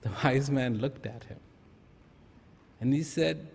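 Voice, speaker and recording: A man telling a parable to an audience in a slow, deliberate way. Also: mid-range voice, creaky, darkish tone, breathy edge. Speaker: storyteller. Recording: long hall reverb.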